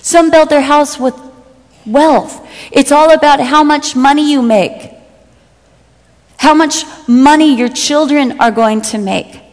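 Speaking slowly in a high, slightly mellow voice, a middle-aged woman preaches a sermon to an audience of women. She shares stories from her own life and plays out her friends' words with humor, all in a hall with long reverb.

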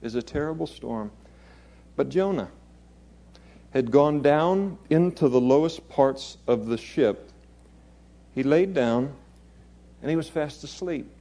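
Mellow-voiced man preaching a sermon. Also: fairly high pitch, expressive, slow pace, long pauses. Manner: conversational, with chuckles and playful asides. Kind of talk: expository sermon.

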